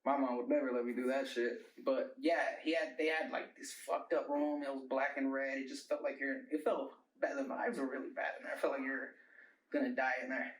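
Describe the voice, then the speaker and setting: A young man, a rapper, tells a long wild story in a loose interview chat, swearing all the way through and leaning on "like" and "bro". His voice sits at an ordinary middle pitch. The room rings around him and he is set back from the mic. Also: steady tone, brisk, reverberant, recorded from a distance, a little hiss or hum, low-quality recording. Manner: profane, rambling storyteller, bro-talk fillers. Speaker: rapper and producer guest.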